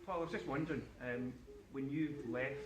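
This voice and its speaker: A man's voice: mid-range voice, brisk. A man with a Scottish accent, a fan politely asking a question at a convention panel in a large hall. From Scotland. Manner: polite, warm, chatty. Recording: echoey noisy hall from far off.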